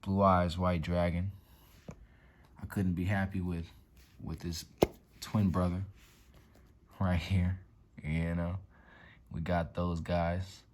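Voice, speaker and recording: Deep-voiced dude chilling at home showing off his cards, slangy, swears a bit, whispers sometimes. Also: little pitch movement, slow, long pauses, darkish tone, a little hiss or hum. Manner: laid-back slangy talk, swears, drops to whispers over cards. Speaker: YouTube card-collection host. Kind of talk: casual collection showcase vlog. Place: room at home by a window.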